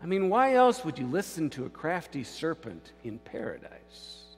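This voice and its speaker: A man's voice: a little high, very animated, normal speed. A male pastor giving a sermon in a church, telling the story dramatically and acting out the voices. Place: church sanctuary. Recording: long church reverb, faint music.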